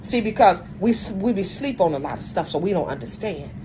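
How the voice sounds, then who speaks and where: Woman ranting to her viewers, keeps saying see and look, lots of repeating, mid pitch. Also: expressive, a little fast, background noise. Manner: emphatic, repetitive, lecturing; often opens phrases with "see" and "look". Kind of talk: casual monologue to viewers.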